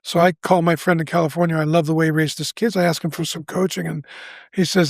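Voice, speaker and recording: An older man in his seventies with a gravelly, husky voice that sits a bit high for a man. He tells a personal story earnestly on a podcast, often restarting his sentences and acting out what people said. The sound is close and dry. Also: steady tone, fast, no room sound. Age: 70s. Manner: earnest, restarts often, acts out quoted lines. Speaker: guest. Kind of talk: candid storytelling in a podcast interview.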